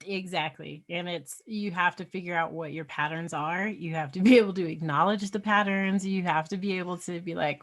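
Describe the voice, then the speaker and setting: A woman's voice: mid-range voice, moderate pace. A woman guest in a video interview, speaking candidly and reflectively, laughing between thoughts. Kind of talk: casual video interview chat.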